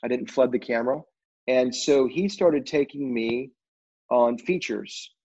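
A man in casual conversation, telling rambling, animated stories about his career in film, with lots of fillers and restarts. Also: mid-range voice, a little slow. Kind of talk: casual storytelling interview. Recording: dull lo-fi audio.

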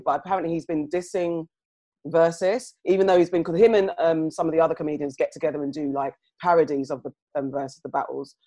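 A woman's voice: low voice, a little mellow. A woman co-hosting a podcast, chatting casually and thinking aloud with many asides. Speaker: podcast co-host. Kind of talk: casual chat.

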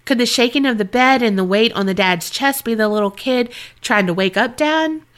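Bright-voiced woman podcast host. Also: on the high side, moderate pace. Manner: animated, laughs often, drawling asides. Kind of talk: reading a listener story, then casual chat.

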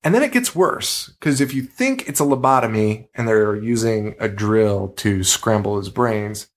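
This man's voice sits on the low side and moves at a normal speed. As a podcast co-host, he chats loosely about a horror movie, swearing freely and bringing its scenes to life as he retells them.

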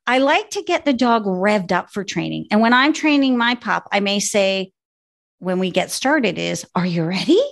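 A woman dog trainer with a gravelly, fry-tinged voice. She explains each point in a steady, instructive way, in relaxed podcast conversation. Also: mid-range voice, normal speed.

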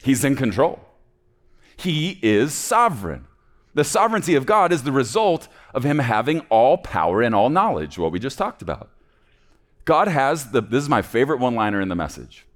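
A man preaching a sermon in a church, playful, swinging between loud emphasis and hushed asides. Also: mid-range voice, big pitch swings, moderate pace. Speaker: pastor.

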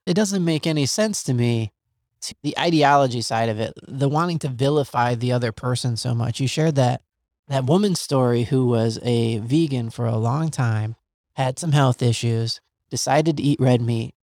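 A man's voice: medium pitch, a little mellow, dry recording. Thoughtful male podcast host, dry close sound. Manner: thoughtful, searching phrasing with many "like"s. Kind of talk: casual podcast conversation.

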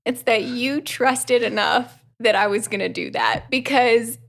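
A woman's voice: on the high side, measured pace, vocal fry, a bit bright. Wry, laughing woman podcast co-host. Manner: wry, self-deprecating, laughs often. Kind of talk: casual chat recapping a book.

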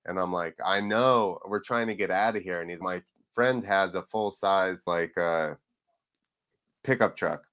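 A man with a fairly low voice sits in as a guest and spins a long, rambling story. He talks casually, drops the odd swear word, and slips into quick impressions of the people he is quoting. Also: fairly bright tone. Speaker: podcast guest, freestyle motocross rider.

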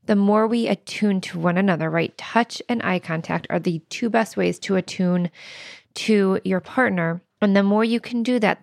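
A woman's voice: mid-range voice, creaky, no echo, clean studio sound. A woman co-hosting a podcast, explaining things earnestly and laughing easily. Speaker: podcast co-host. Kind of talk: casual podcast chat.

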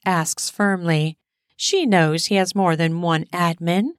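A woman narrating an erotic audio story in a steady, explicit storytelling manner. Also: lowish voice, slow pace, clear, resonant tone, no room sound, studio quality.

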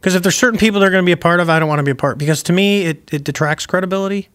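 A man's voice: high-pitched, very fast, fairly bright tone. An older man, a retired Navy pilot, telling anecdotes as a guest in a casual interview, rambling with restarts and wry asides.

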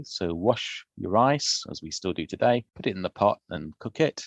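A man, a food historian, explaining old recipes in a thoughtful, unhurried podcast conversation. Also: lowish voice, expressive, creaky, no echo.

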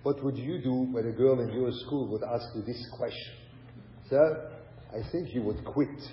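A man's voice: medium pitch, moderate pace, a little hiss or hum. An older man giving a conversational lecture on raising children, often asking rhetorical questions and mixing in Hebrew and Yiddish terms. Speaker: rabbi and lecturer. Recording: dull lo-fi recording in a hall.

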